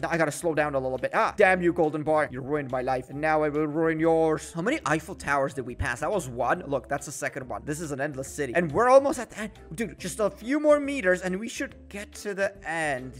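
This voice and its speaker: Excitable young gaming commentator, high voice. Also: male voice. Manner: jokey, excitable, dramatic outbursts. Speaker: gaming YouTuber. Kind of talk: gameplay commentary. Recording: faint music behind.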